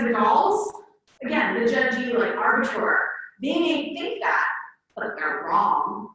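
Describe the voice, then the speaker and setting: A woman Latin teacher giving a conference presentation in an animated way, often acting out quoted voices. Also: a little high. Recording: echoey room, far from the mic.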